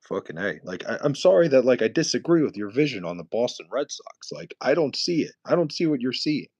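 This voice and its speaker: A man's voice: mid-range voice, sing-song, brisk, darkish tone, slightly rough, no room sound, lo-fi sound. A young man from New City, streaming live and trash-talking viewers in profane, mocking chat. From New York City.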